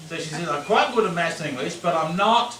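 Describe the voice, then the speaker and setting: A man's voice: a little high, expressive, a little fast, bright, forceful tone. A man giving a conversational lecture to a live audience, explaining examples and quizzing the room. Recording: echoey room, distant mic, noisy.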